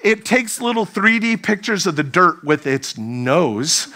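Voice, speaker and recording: A man giving a humorous youth sermon to a live audience, playful and animated as he jokes with the crowd. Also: high voice, measured pace, slight background noise. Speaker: youth speaker.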